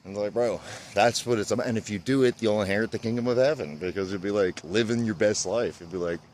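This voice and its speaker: A man's voice: on the low side, fast, a little mellow, slight background noise. A man vlogging in a casual, rambling rant, swearing often and calling the listener "bro" and "dude".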